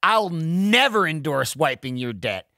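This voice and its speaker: Giggly, high-voiced podcast co-host man. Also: very animated, vocal fry, pushed and bright, no echo, studio quality. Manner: quick backchannels, giggly, swearing. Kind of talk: casual comedic banter.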